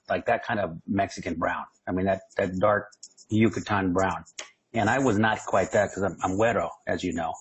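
A man from San Diego talks as a comedy guest, spinning animated, joking stories in a relaxed interview. His voice sits somewhat low with a husky, slightly rough edge. He rambles and restarts as he goes. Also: a little fast, rough recording. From San Diego, California. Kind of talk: casual interview storytelling.

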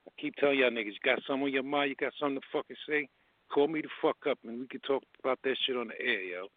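A man's voice: medium pitch, very fast, dry recording. A man hosting a radio show in loose, profane street slang. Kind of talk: casual radio talk. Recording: dry, phone-like sound.

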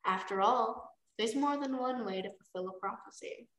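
A cold, cunning female dragon princess purrs her lines in a silky, dry, menacing tone, as a woman reading a storybook aloud puts her on. Her voice sits fairly high. The room gives it an echo. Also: normal speed, lightly acted. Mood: sly menace.

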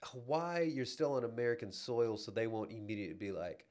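A man's voice: medium pitch, animated, brisk, darkish tone. A young adult man co-hosting a podcast, talking in a laid-back way, swearing and saying "like" a lot. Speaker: podcast co-host. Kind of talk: casual chat.

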